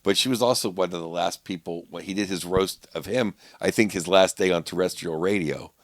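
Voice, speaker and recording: A man's voice: low-pitched, a little fast, dry recording, clean studio sound. A man who is a comedian, guesting on a podcast, talking in a rambling, repetitive way and jumping into quoted voices. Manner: rambling, repeats himself, jumps to quoted voices. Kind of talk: casual podcast chat.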